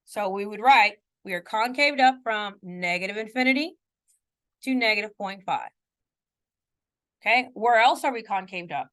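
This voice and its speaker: With a mid-range, animated voice that's fairly bright, a woman lectures on math at normal speed, leaving long pauses. She talks casually, checks in with students often, and makes playful jokes at her own slips.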